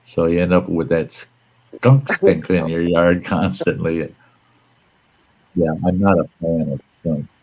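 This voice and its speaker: A man's voice: sits low, unhurried, long pauses, darkish tone, low-quality recording. A man hosting a live stream, chatting casually and telling rambling, folksy stories with some mild cursing. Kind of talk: casual chat.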